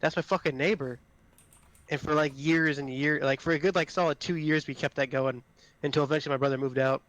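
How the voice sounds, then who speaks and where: A man's voice: fairly high pitch, little pitch movement, fast talker, fairly bright tone, no room sound. A man chatting casually with a teammate while playing, telling a rambling story full of profanity. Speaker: squad teammate.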